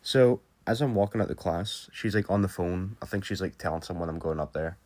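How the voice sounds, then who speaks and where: Young guy telling a story on his channel, kinda low voice, lots of ums and likes. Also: brisk, a little mellow. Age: young adult. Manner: rambling, filler-heavy, swears casually. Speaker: YouTuber. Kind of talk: casual story time monologue.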